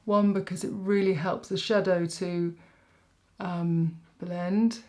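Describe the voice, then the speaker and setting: A woman's voice: fairly low pitch, level tone, slow pace, mellow. Chatty woman doing makeup. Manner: rambling, self-mocking, talks while working. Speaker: makeup artist.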